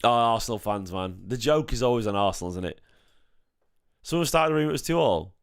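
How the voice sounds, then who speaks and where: A man hosting a live-stream fan chat, slightly hoarse from singing, excitable and emotional, repeating his phrases. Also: medium pitch, fairly quick, dry recording, studio quality. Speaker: fan channel host.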